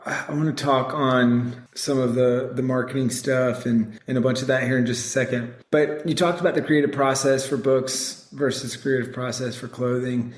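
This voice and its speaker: A man's voice: mid-range voice, fairly even intonation, moderate pace, few pauses. A man with a Southern American accent hosts a casual interview, asking curious questions in a friendly manner. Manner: friendly, curious, frequent affirming murmurs. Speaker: podcast host. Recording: roomy echo.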